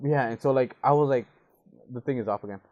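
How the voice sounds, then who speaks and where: A man's voice: medium pitch, fast talker, a little mellow, far from the mic, highs cut off. A young man in casual podcast chat, telling rambling stories with lots of swearing. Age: young adult. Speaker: podcast co-host.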